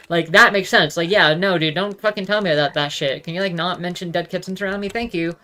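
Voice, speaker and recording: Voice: mid-range voice, quick pace, hardly any pauses, pushed and bright. Rambling, profane solo ranter. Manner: rambling, profane, heavy use of "like". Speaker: solo talk show host. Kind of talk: casual ranting monologue.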